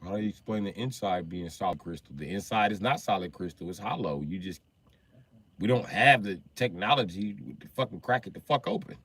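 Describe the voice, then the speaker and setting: A man hosting a livestream in casual, rambling chat, swearing constantly and breaking into loud outbursts. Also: deep voice, lively intonation, fairly quick, breathy edge. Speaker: livestream host.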